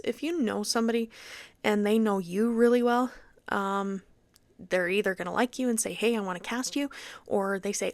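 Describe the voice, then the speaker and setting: Young podcast host lady, chatty and animated, bit of fry, dry mic. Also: medium pitch, normal speed, no echo. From Utah. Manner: chatty, animated, acts out quoted voices. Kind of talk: casual personal story.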